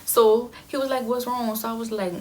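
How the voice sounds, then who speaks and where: A woman's voice: a little high, steady tone, fairly quick. A young adult woman casually telling a personal story to her viewers in a chatty, emphatic way. She often repeats phrases for effect.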